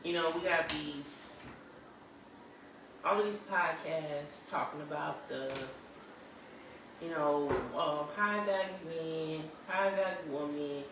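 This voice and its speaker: A podcast co-host speaking in a thoughtful, measured way with frequent pauses and fillers. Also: medium pitch. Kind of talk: casual chat. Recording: echoey room, far from mic, noisy.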